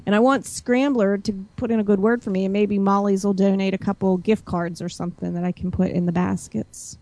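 A woman in casual chat as a guest, talking quickly and brightly as she promotes an event. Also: medium pitch, steady tone, no room sound. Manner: chatty, quick, upbeat promoter.

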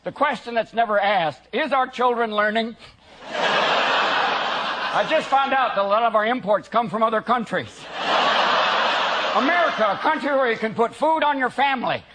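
High-voiced man doing rowdy stand-up. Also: lively intonation, normal speed, long pauses. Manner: high-energy, shouting, mocking. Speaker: stand-up comedian. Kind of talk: live stand-up set. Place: large live venue with audience. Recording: loud crowd in noisy live venue.

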